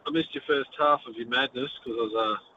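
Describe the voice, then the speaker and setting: A man's voice: medium pitch, fast, noisy background. A man with a New Zealand accent calling in to a radio show, rambling and laughing often. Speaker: caller. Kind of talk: casual phone-in chat. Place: in transit. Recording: dull phone line.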